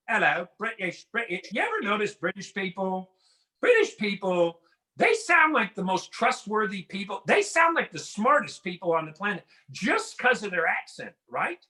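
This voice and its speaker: High, bright-voiced stand-up comedian man. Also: moderate pace, rough recording. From Washington State. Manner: animated, mimics voices and drawls. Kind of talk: stand-up routine.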